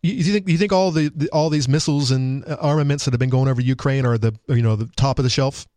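A man's voice: mid-range voice, fast talker, darkish tone, dry recording. Wry guy on talk radio, sarcastic jabs, dry close mic.

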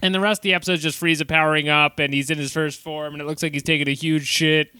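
A man co-hosting a podcast, recapping an episode in a jokey, casual way with quick asides and frequent laughs. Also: fairly high pitch, steady tone, pushed and bright, clear, resonant tone, no room sound. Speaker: podcast co-host. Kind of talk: casual comedic recap chat.

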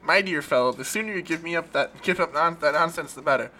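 Bright-voiced man reading a play. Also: fairly high pitch, fast talker. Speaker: amateur reader of a play. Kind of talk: casual play read-through.

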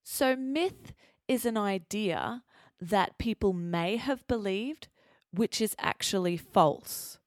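A woman hosting a show who explains English words clearly and then interviews a guest. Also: mid-range voice, lively intonation, dry recording, studio quality. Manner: clear, measured teaching delivery. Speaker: host and English teacher.

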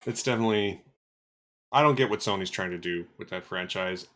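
A man's voice: deep voice, fairly quick, a bit bright. A man co-hosting a film podcast, talking in a dry, wry way and steering the conversation. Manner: dry, wry, leads the segments. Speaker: podcast co-host. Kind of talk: casual film review chat.

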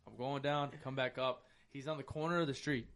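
A man telling a story in casual chat on a podcast, animated and profane, acting out the people in it. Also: mid-range voice, fairly quick. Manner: animated, profane, acts out other people's lines.

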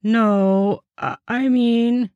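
A woman's voice: on the high side, steady tone, extremely slow, darkish tone, dry recording, muffled recording, pitched above the performer's own voice. Woman voicing a shy flustered young woman.

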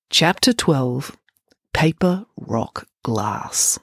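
A woman reading a children's chapter book aloud as a storyteller, with an expressive, animated delivery. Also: low voice, slightly rough, no room sound, studio quality.

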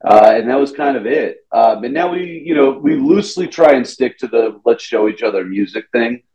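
A man's voice: mid-range voice, animated, moderate pace, a little mellow. A young man from Georgia, a comedian, chatting loosely on a podcast and saying "dude" a lot. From Atlanta, Georgia. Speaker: comedian guest. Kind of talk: casual podcast chat. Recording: dull lo-fi sound.

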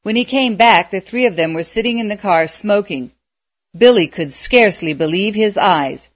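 A woman narrating a story aloud in a measured, expressive way. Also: mid-range voice, no echo, muffled recording. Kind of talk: audiobook narration.

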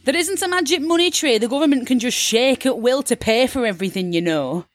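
A woman's voice: fairly high pitch, lively intonation, a little fast, no room sound, close to an everyday voice. An actress playing a brash, gushing Yorkshire mother who turns rude in a flash, in a comedy sketch monologue. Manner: gushing, breathless, sudden swearing.

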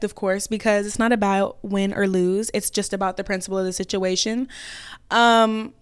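A woman's voice: medium pitch, smooth. A young woman hosting a podcast, telling a personal story in a casual way, swearing and acting out what people said. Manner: animated, swearing, acts out quotes. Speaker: podcast host.

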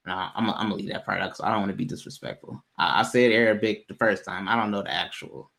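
A man telling a personal story in casual podcast chat, animated, laughing often and jumping high when quoting himself. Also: fast talker, gravelly.

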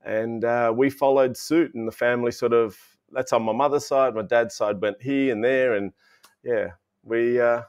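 A man's voice: mid-range voice, fairly even intonation, normal speed, smooth, no room sound, clean studio sound. A man with an Australian accent, a chocolatier guest in a casual interview, joking and laughing as he talks. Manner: jokey, laughs while talking.

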